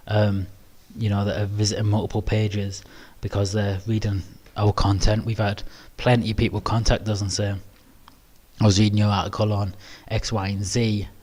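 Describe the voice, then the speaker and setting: A man's voice: on the low side, a little mellow. A man with a British accent hosting a live webinar Q&A, talking in a modest, hesitant way with many ums and restarts. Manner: modest, self-deprecating. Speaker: webinar presenter.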